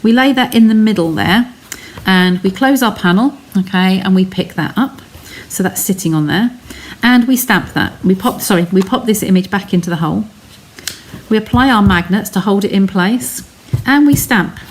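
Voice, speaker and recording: A woman's voice: mid-range voice, moderate pace. A woman hosting a live craft stream from her home studio, explaining each step in a chatty way and talking to her viewers.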